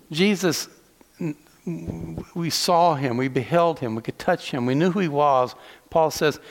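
A man's voice: fairly high pitch, gravelly, long reverb tail. A man from the southeastern United States preaching a sermon to his congregation, mixing teasing asides with rhetorical questions. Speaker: pastor. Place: large church hall.

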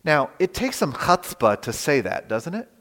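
Animated pastor with a high voice. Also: male voice, long reverb tail. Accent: Western Pennsylvania. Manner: animated, rhetorical questions, dramatic pauses. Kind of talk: sermon. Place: church sanctuary.

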